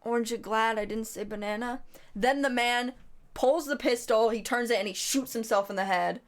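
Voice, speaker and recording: Playful rambling woman streamer. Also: a little high. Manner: playful, rambling, jumps into goofy bits. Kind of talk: comedic livestream commentary reading slides.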